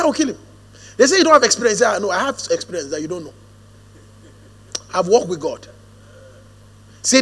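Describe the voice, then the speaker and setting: High bright-voiced pastor preaching. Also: male voice. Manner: storytelling, drops to hushed quoted asides, then rises to a firm preaching cadence. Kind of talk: sermon. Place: church auditorium. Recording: long hall reverb.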